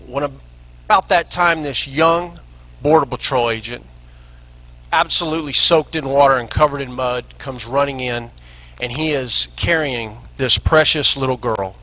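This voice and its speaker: Earnest bright-voiced man speaking. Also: medium pitch, rough recording. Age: middle-aged. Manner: earnest, emphatic storytelling with dramatic pauses. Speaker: rally speaker. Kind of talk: storytelling speech to a crowd.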